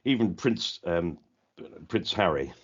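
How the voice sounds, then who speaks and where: Deep-voiced older man, posh English accent. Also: animated, slow pace, breathy edge. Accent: trained posh English. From London, England. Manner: reflective, rambling with many restarts. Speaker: interview guest, comedy actor. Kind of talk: casual chat. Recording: dull lo-fi sound.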